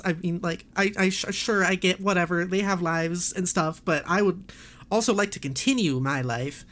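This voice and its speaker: A woman's voice: lowish voice, fairly quick, fairly bright tone, faint music behind. A woman streamer in a casual livestream chat, ranting in an exasperated way, swearing and laughing often.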